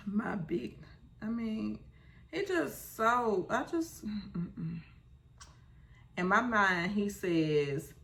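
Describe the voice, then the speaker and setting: Sassy woman with a gravelly voice. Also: deep voice. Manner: sassy, talks back to the screen. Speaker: reality TV recap host. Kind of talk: casual show recap.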